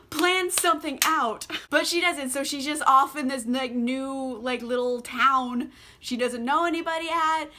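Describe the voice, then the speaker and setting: A woman's voice: a little high, sharp tone. A young woman vlogging about a book over wine, in a chatty, sarcastic manner full of "like". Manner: chatty and sarcastic, heavy use of "like"; drinking wine while talking. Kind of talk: casual chat.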